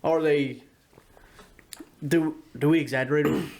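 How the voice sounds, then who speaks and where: A man's voice: a little high, steady tone, unhurried, creaky, darkish tone. A man co-hosting a casual podcast, rambling and swearing as he makes his point. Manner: rambling, profane, lots of restarts. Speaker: podcast co-host. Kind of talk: casual chat.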